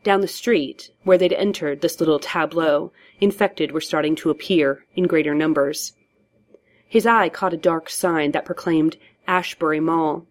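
A woman reads a story aloud, steady and measured. Her voice sits on the low side and keeps an even pace. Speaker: narrator. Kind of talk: audiobook narration.

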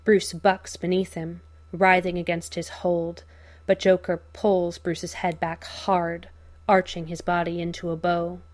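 Woman narrator, audiobook reading, measured, unhurried, lowish voice, very slow. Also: little pitch movement. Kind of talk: audiobook reading of fan fiction.

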